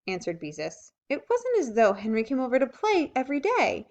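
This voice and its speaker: A woman reads a children's book aloud with expressive, lively delivery. Her pitch rises and falls a lot. The sound is dull and lo-fi. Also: brisk. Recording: dull lo-fi recording.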